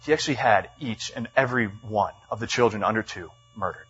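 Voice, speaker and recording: A man preaching to a room full of people, telling his story with lively energy and plenty of ums. The sound is slightly muffled, with a faint hum underneath. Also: lowish voice, a little fast. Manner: animated storytelling, many fillers, acts out quotes. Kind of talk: storytelling sermon. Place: church meeting room with a live audience.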